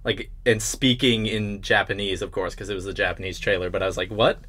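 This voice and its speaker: Young guy on a gaming podcast, kinda low voice, super excited, says like a lot. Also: brisk. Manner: enthusiastic, chatty, many "like" fillers. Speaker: podcast co-host. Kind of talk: casual chat about video games.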